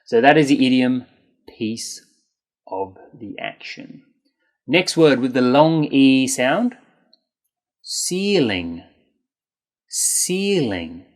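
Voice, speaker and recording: An English pronunciation teacher who says each word slowly and repeats it, stretching out the sounds, in a patient, encouraging way. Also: mid-range voice. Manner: slow, deliberate, exaggerated enunciation with repeated words. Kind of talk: scripted pronunciation lesson.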